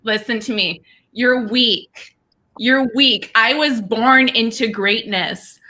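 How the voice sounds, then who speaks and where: A woman's voice: on the high side, slow pace, bright, forceful tone. A woman playing a brash young princess in an improv comedy insult battle, swearing and taunting her opponent. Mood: boastful. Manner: trash-talking, swearing, taunting. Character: brash trash-talking young princess, cocky and crude.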